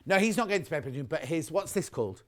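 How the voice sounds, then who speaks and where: British man, shopping channel host, gossipy asides, fairly high lively voice. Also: quick pace. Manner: chatty, gossipy, rambling asides. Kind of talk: live selling chat, reading viewer messages.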